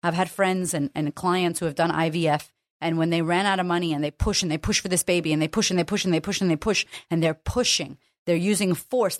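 Woman confidence coach, motivational monologue, emphatic and blunt, slightly low voice, dry close sound. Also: no room sound. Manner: candid, emphatic, swears freely.

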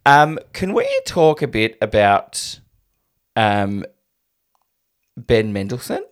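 A man's voice: lowish voice, very animated, takes it slowly. A man co-hosting a film review podcast, making wry, sarcastic asides. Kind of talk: casual chat.

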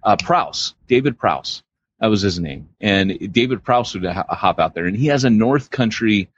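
Deep husky man, rambling podcast storyteller. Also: expressive, moderate pace, muffled recording. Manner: rambling storyteller, many restarts and fillers. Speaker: podcast co-host. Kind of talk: casual chat.

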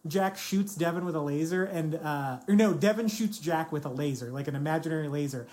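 A woman with a notably low voice talks through a sitcom in easy podcast chat. She is chatty and loose, full of fillers, restarts and quoted lines. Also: brisk, dark tone. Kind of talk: casual chat about a TV show.

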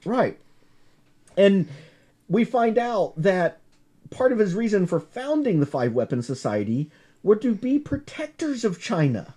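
A man's voice: high voice, sing-song, measured pace, warm tone, husky. A man giving a chatty class lecture on comics, full of asides and self-corrections.

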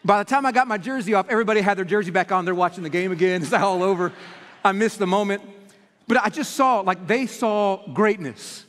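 High-voiced pastor preaching. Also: male voice, fairly quick, long reverb tail. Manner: animated storytelling, restarts words. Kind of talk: sermon.

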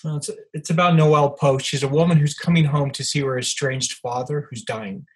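A man, an author, telling stories in a relaxed anecdotal way with dry humor during an interview. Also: a little high, a little fast, slightly rough. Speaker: author guest. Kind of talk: storytelling in an interview.

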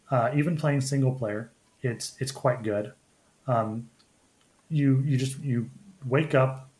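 A man hosting a casual podcast chat, talking in a halting way with frequent restarts and fillers. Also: mid-range voice, darkish tone. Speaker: podcast host.

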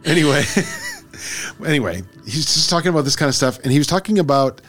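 A man's voice: on the high side, lively intonation, brisk, over music. A man co-hosting a podcast in casual chat, rambling and stumbling over words as he corrects himself. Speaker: podcast co-host.

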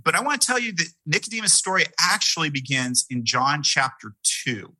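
A man's voice: a little high, brisk, bright, forceful tone, no room sound, rough recording. A middle-aged man, a pastor, preaching a sermon in an earnest, conversational way with many fillers and restarts. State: sick with a mild cough.

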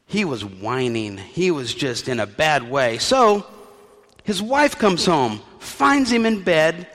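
A man's voice: on the high side, very animated, slow, fairly bright tone, big-room sound. A male pastor preaching a sermon in a conversational storytelling way with wry asides.

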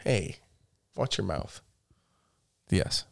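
Animated man in his thirties, swearing a lot. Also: sits low, extremely slow, gravelly. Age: 30s. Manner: swears constantly, animated storytelling. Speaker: podcast co-host. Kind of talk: casual chat.

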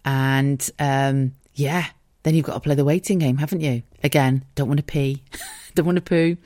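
A woman tells her own story straight into a close podcast mic at home, with a low voice. She is frank, animated and sweary, and slips into quoted voices as she talks. The sound is dry, with little room around it. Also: moderate pace, no room sound. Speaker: podcast host. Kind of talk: personal storytelling monologue. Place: home, dogs audible nearby.

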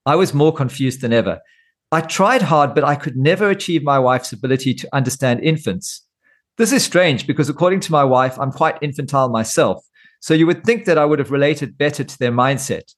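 A middle-aged man hosting a scripted monologue, with dry, self-mocking humor. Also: medium pitch. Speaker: host.

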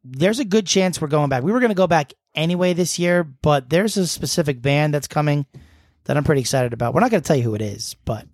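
A man's voice: on the high side, expressive, fast talker, no echo. Young guy hosting a podcast, jokey, rambly, dry close mic. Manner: joking, rambling. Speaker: podcast co-host. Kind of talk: casual chat.

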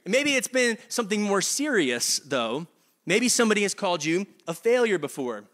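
A man's voice: sits high, very animated, normal speed, fairly bright tone. A man preaching a casual, humorous sermon. He talks in a chatty way and often stammers and repeats words. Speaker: pastor.

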